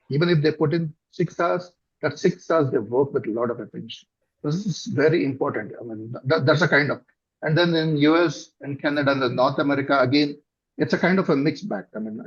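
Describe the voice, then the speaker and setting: Man, South Indian accent, middle-aged, husky, halting and thoughtful, lots of fillers, muffled lo-fi sound. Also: on the high side. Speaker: company director, guest. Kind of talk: conversational interview answers. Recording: dull lo-fi recording.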